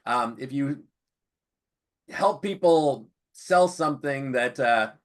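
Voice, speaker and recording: A man's voice: medium pitch, takes it slowly. Tired man fumbling for words. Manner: fumbling, searching for words, apologetic. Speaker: business coach guest. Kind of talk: casual interview chat.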